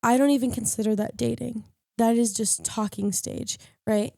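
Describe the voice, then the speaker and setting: A woman's voice: a little high, fairly even intonation, normal speed, vocal fry, warm tone, no echo, studio quality. A young woman on a podcast panel, candidly telling a personal story in casual chat and acting out what others said. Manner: candid storytelling, acts out quoted lines.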